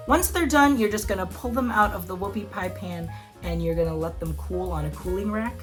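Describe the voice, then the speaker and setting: A woman's voice: medium pitch, brisk, over music. A woman hosting her own cooking show, chatting casually and upbeat through a recipe with lots of "like" and "um". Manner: chatty, upbeat, full of "like" and "um" fillers. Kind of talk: casual cooking vlog chat.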